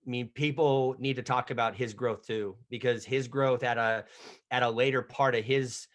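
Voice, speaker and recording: Middle-aged man, stutters, casual storytelling, medium pitch. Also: fairly even intonation, moderate pace. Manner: stutters, with repeated starts; casual storytelling, acts out what others said. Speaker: head softball coach. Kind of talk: media availability, telling a story.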